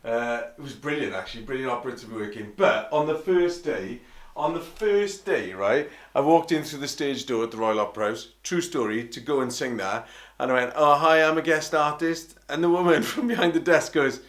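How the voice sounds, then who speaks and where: A man's voice: mid-range voice, a little fast. A Welsh man with a mid-range voice spins casual anecdotes about his career as an opera singer. He talks in a chatty, self-mocking way and laughs easily at his own stories. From Wales.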